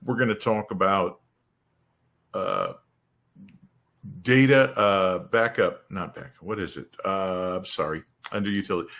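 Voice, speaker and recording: A man with a somewhat low voice hosts a casual webcast. He jokes, rambles and restarts his sentences. He speaks over a video call. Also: a little slow, pauses often, a bit bright. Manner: joking, rambling, with restarts and laughter. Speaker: webcast host. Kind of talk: casual company webcast chat.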